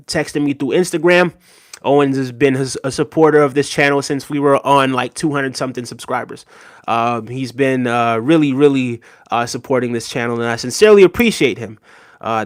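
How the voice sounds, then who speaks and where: A man's voice: mid-range voice, brisk, no room sound, studio quality. A man hosting a live stream, reading viewers' chat messages aloud and answering them earnestly, often ending with "right?". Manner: earnest, repeats "right?", thanks chatters by name. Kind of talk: casual live chat commentary.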